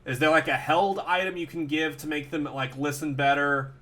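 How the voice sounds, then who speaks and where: A man's voice: on the high side, fairly even intonation, moderate pace, bright, forceful tone. A young man streaming a video game live, chatting with viewers and cheering on his creature with fillers and playful coaxing.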